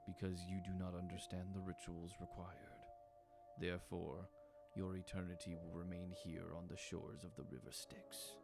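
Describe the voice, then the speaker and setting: A man's voice: low-pitched, little pitch movement, vocal fry, over music. A man doing a grave ancient ferryman of the dead. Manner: slow, grave and formal.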